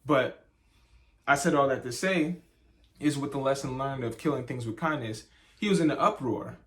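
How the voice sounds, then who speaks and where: A man's voice: mid-range voice, moderate pace, fairly bright tone. A young man talks casually beside his wife for their vlog, telling a story with plenty of energy. His voice sits in a mid range. He acts out the other people in the story as he goes. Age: young adult. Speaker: vlogger, husband. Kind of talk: casual sit-down chat.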